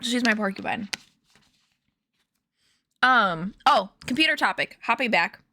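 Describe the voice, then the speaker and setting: A woman's voice: on the high side, expressive, unhurried, pushed and bright, dry recording. A young woman streaming from home, chatting casually to her viewers in a rambling way with lots of fillers. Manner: chatty, rambling storytelling with many fillers and laughs. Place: home room.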